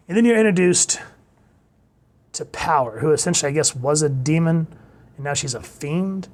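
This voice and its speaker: A man giving a casual video review of a comic, retelling it excitedly with gasps and exclamations. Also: a little high, normal speed, long pauses. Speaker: manga reviewer.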